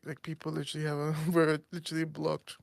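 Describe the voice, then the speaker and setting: A tired man chatting casually about a game, rambling with halting restarts. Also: on the high side, completely flat delivery, creaky, no room sound, clean studio sound. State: exhausted. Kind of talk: casual chat.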